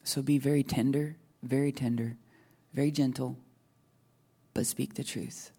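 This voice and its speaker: A man with a gravelly, dark voice delivers a sermon. His tone is earnest and tender, and he often sinks to hushed near-whispers. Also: mid-range voice, steady tone, a little slow. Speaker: pastor.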